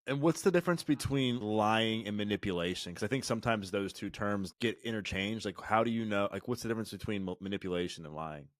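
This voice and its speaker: A man's voice: on the low side, fast talker, hardly any pauses, no room sound, clean studio sound. A man hosting an interview, asking conversational follow-up questions. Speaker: podcast host.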